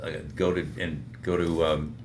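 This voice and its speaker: A man's voice: sits low, normal speed, a little hiss or hum. An older man, a veteran radio broadcaster, telling stories as a guest in a casual interview, with frequent restarts. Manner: animated storyteller with frequent restarts.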